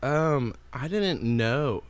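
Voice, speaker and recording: Relaxed, smooth-voiced young man. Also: mid-range voice, extremely slow. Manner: relaxed, rambling storytelling with many fillers. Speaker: musician guest. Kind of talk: casual interview chat.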